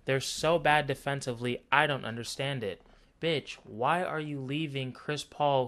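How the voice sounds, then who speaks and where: A man's voice: mid-range voice, fairly bright tone. A man ranting through a basketball game analysis, blunt, profane and sarcastic. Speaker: basketball commentary vlogger.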